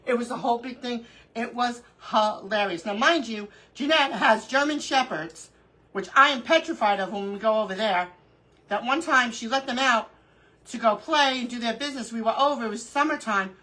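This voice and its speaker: Animated and laughing often, a middle-aged craft livestream host chats and spins stories for her audience. She speaks at a moderate pace in a fairly high voice, recorded in low quality.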